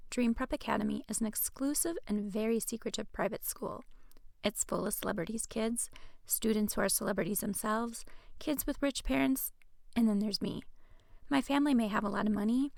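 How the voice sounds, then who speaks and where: Woman narrator, own audiobook, wry first-person telling, gravelly voice, dry close sound. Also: medium pitch, brisk, darkish tone, no echo. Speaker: author reading her own audiobook.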